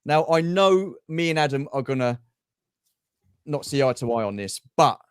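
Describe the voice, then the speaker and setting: A middle-aged man co-hosts a football livestream, talking in a loose and chatty way and greeting people by name. His voice sits a little high for a man. The sound is dry and close. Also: lively intonation, moderate pace, smooth, no echo. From England. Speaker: livestream co-host. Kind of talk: casual football chat.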